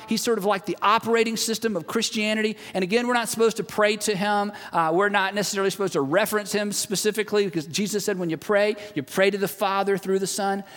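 A man preaching a sermon to a large congregation, telling stories in a relaxed, conversational way and retelling a friend's words. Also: high-pitched. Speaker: pastor. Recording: long reverb of a large hall.

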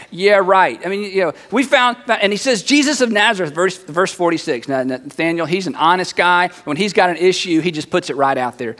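A man preaching a sermon, telling the story with lively, acted-out quoted voices. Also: high voice, big-room sound. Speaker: pastor.

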